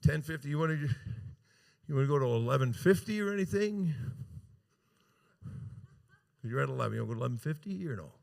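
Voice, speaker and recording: This charity auctioneer talks fast in a slightly high, gravelly voice with a darkish tone and plenty of expression. He works a large gala room, calling live bids into a handheld mic and teasing bidders along with jokes.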